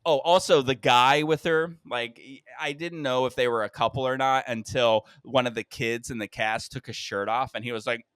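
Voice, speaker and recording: A male podcast co-host telling a story in casual chat, animated, acting out other people's lines and laughing often. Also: mid-range voice, normal speed, no echo, studio quality. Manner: animated, acts out quoted voices, laughs often.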